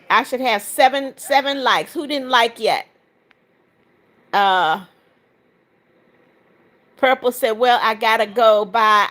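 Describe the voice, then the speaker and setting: A woman's voice: a little high, fairly bright tone. A woman hosting a casual livestream, reading viewer comments aloud and greeting each person by name in a chatty, affectionate way. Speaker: livestream host.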